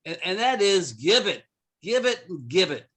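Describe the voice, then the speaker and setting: A man's voice: high voice, very animated, normal speed, a bit bright, slightly rough. A man giving jovial, earnest remarks at a club meeting. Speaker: club member.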